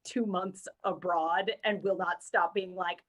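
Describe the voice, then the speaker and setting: A woman's voice: on the low side, fairly even intonation, unhurried, hardly any pauses, a bit bright, highs cut off. A woman co-hosting a casual podcast, reading news items and chatting with amusement. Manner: amused, laughing often. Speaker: podcast co-host.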